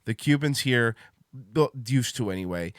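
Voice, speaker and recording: A man's voice: mid-range voice, expressive, normal speed, no room sound, clean studio sound. A middle-aged man from Miami hosting a casual podcast, blunt and crude, rambling with restarts. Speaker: host.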